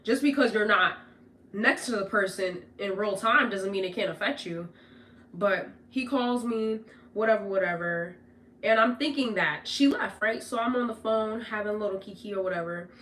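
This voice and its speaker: A young woman casually telling a personal story to her viewers, animated, swearing often and tagging lines with "whatever" and "right?". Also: mid-range voice, normal speed, slight background noise.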